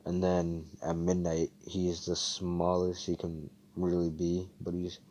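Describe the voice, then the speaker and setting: A man's voice: low voice, monotone, a little slow, warm tone. A young man casually retelling his own fan-fiction story over voice chat, rambling and swearing with lots of fillers.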